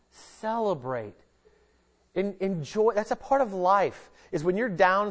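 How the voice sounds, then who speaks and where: A middle-aged pastor delivers a conversational sermon sprinkled with casual jokes, his fairly high voice swinging between lively emphasis and hushed earnestness.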